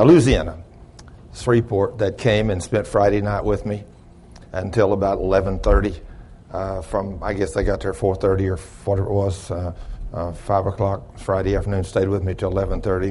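Male preacher, middle-aged, folksy sermon storytelling, loud bursts of praise. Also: lowish voice, slight background noise. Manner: shouts praise, then drops to quiet storytelling. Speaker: pastor.

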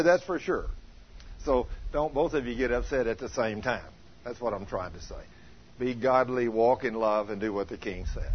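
An older man with a drawl preaches in a folksy, storytelling way, checking in with his listeners as he goes. His voice sits at an ordinary middle pitch. The recording is a bit muffled, with a faint hum of the room behind him. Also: normal speed. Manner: folksy storytelling, asks the congregation questions. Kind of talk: sermon with closing prayer. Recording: slightly dull, faint room noise.

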